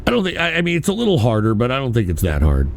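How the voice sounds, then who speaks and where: A man's voice: mid-range voice, huge pitch swings, very fast, creaky, slight background noise. A man chatting casually as a streamer, rambling, swearing freely and talking loosely about his past. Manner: rambling, profane, loose and conversational. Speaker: streamer reacting to a clip. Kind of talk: casual chat.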